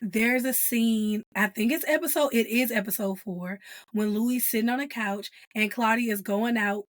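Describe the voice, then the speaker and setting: A woman, hosting a casual TV review chat, animated and laughing as she acts out quotes. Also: a little high, moderate pace. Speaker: podcast host.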